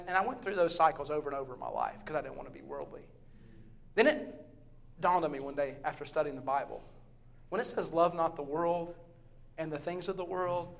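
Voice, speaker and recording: A middle-aged man with a Southern US accent preaches a sermon in church. His voice sits high, and he tells stories with loud, shouted peaks and hushed asides. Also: gravelly. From Southern US, Texas. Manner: loud, storytelling, swings between shouting and quiet asides.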